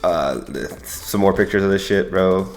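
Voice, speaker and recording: A young man telling a wild story in a slangy, profane, excitable way, often calling his listeners bro. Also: low voice, unhurried, faint music behind. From United States. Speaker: YouTuber and Air Force veteran. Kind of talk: casual storytelling.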